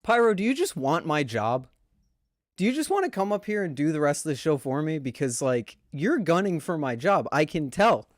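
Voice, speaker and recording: A man hosting an awards show, his higher voice bouncing lively as he teases and jabs sarcastically. The sound is dry and close. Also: normal speed, no echo. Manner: teasing, sarcastic. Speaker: show host. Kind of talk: casual comedic hosting.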